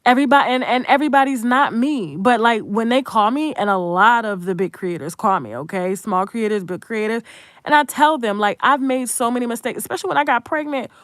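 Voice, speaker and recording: A woman hosting a commentary channel delivers an unscripted monologue straight to viewers, blunt, profane and emphatic. Her fairly high, fairly bright voice moves a little fast, recorded with clean studio sound and no echo.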